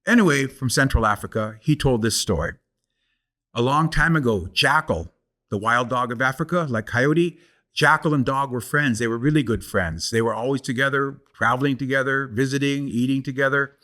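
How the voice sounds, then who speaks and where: A man's voice: mid-range voice, normal speed, bright, forceful tone. An older man, a guest storyteller, telling a folk tale aloud in a rhythmic, repeating cadence. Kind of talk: oral storytelling.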